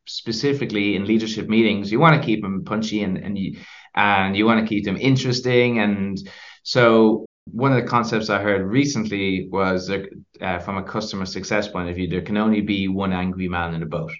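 A man being interviewed as a podcast guest, telling stories in an animated way with many restarts. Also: on the low side, normal speed, dull audio. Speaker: podcast guest, company founder. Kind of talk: casual interview chat.

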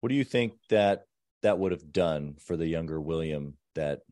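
Deep-voiced male podcast host, dry sound. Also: expressive, normal speed, darkish tone, no room sound. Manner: affirming, conversational, frequent agreement. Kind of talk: podcast interview.

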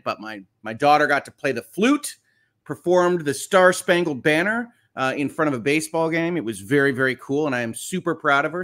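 A man's voice: medium pitch, bright, forceful tone. A middle-aged man, hosting a casual morning live stream in an upbeat, chatty way with many fillers. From United States. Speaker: host.

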